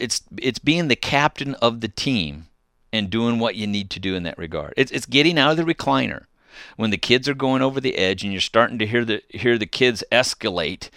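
A man's voice: mid-range voice, a bit bright, no room sound, studio quality. A middle-aged man hosting a call-in radio show on faith, talking earnestly and exhorting listeners, often restarting his phrases.

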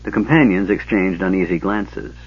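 A man narrates a fantasy story in a steady, even storytelling voice. His voice is low and husky. The recording sounds dull and lo-fi. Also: moderate pace. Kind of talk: scripted narration.

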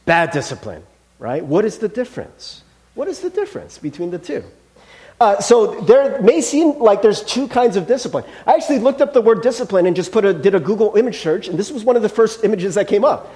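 Animated pastor with a lively high voice. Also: male voice, brisk. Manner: animated, acts out little scenes; asks the listeners questions often. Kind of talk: sermon.

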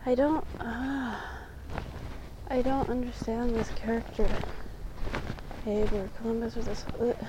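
A woman with a slightly high voice rambles casually to her viewers, slipping at times into a hushed near-whisper. Loud, steady noise sits under her voice throughout. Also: measured pace, pauses often. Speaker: vlogger talking to viewers. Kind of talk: casual chat.

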